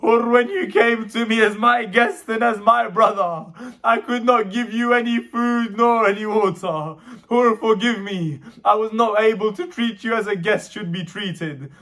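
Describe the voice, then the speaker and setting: A man voicing a gentle, humble imam speaking with sorrow in a mourning recitation. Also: sits high, unhurried, voice pushed up, full character voice. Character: gentle, humble male imam leading his companions.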